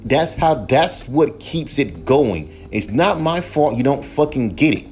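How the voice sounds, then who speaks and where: A young man rants on his own podcast, swearing freely and hammering the same points over and over. His pitch swings widely as he heats up. Faint music plays under his voice. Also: sing-song, unhurried, a little mellow. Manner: heated, profane, repetitive emphasis. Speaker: podcast host, rapper. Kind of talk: profane solo rant.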